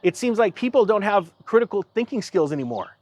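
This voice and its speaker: A man's voice: high-pitched, sing-song, fairly quick, a little mellow, no room sound. A man telling a rambling, exasperated story in a casual monologue, acting out the dialogue as he goes.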